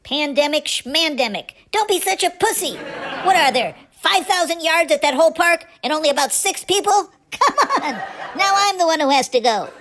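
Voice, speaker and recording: A man's voice: extremely high pitch, animated, normal speed, noisy background, pitched above the performer's own voice. A man voicing a sassy, wisecracking male Pomeranian dog who complains bluntly in a comic sketch.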